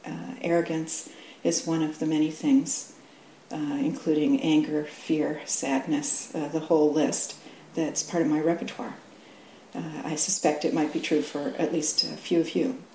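A middle-aged woman giving a dharma talk, halting often with restarts and fillers and laughing easily. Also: sits low, little pitch movement, dark tone. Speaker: dharma teacher. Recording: echoey room with faint hum.

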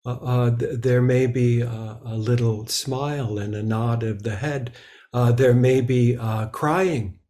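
Slow, halting man giving a Zen talk. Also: mid-range voice, fairly even intonation, mellow. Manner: slow and halting, many filler sounds. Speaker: Zen teacher. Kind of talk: dharma talk.

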